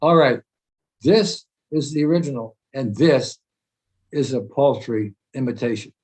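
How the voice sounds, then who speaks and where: A man's voice: medium pitch, a little slow, a little mellow, breathy edge, rough recording. A man in his eighties, from the United States, giving an emphatic, rambling talk over a video call. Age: 80s. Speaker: senior devotee speaker. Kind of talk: informal talk in a meeting.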